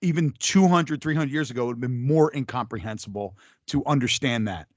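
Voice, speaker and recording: A man's voice: medium pitch, fairly quick, dry recording, lo-fi sound. A man co-hosting a casual podcast, speaking bluntly and swearing freely. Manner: blunt and profane. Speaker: podcast co-host.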